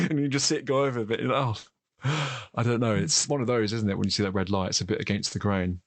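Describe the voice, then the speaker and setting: A low-pitched man with an English accent spins long, rambling stories in a casual chat and laughs often along the way. The sound is close and dry, with no room around the voice. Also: very fast, fairly bright tone, no echo. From England. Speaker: podcast host.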